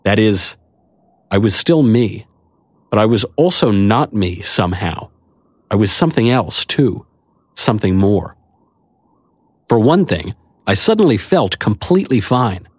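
A man's voice: on the low side, big pitch swings, measured pace, pauses often, breathy edge, no echo. A man reading a first-person story in a wry, conversational manner, recorded on a close studio mic. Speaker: narrator. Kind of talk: first-person audiobook narration.

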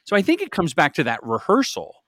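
A middle-aged man, a filmmaker guest on a podcast, telling stories in an energetic, animated way. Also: on the high side, brisk, no room sound, studio quality. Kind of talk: casual interview storytelling.

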